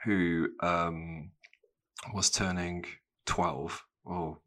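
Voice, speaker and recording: A man's voice: low-pitched, little pitch movement, extremely slow, a bit bright. A man telling a jokey anecdote in casual podcast chat. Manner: jokey storyteller, puts on voices in anecdotes.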